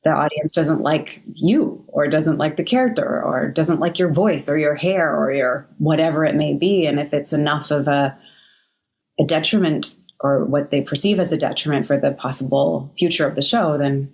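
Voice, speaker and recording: An actress as an interview guest, answering in a thoughtful, hesitant way. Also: female voice, low voice, normal speed, a little mellow. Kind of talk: casual interview.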